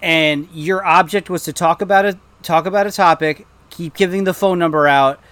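A man in his thirties, talking in a loose, animated, self-mocking way, full of "like" and restarts. His voice sits a little higher than most men's. He spins the story casually for his co-hosts. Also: moderate pace, clean tone, no room sound. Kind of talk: casual chat.

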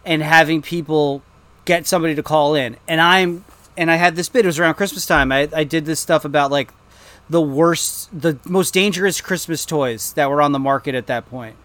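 A man's voice: a little high, moderate pace, fairly bright tone, no room sound. A man in his thirties chatting casually, telling a self-deprecating story with lots of fillers. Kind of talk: casual chat.

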